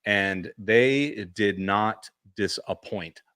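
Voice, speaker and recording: Animated man recapping a convention. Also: very slow, clear, resonant tone. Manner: animated storyteller, acts out quotes with big pitch jumps. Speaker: podcast co-host. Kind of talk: casual chat recap.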